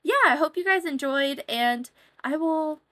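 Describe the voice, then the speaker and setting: Young woman gamer chatting over her gameplay, bright voice, rambly, dry close sound. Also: sits high, unhurried, dry recording. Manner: rambling, chatty, self-deprecating, many fillers. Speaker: gaming YouTuber. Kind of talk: casual commentary over gameplay.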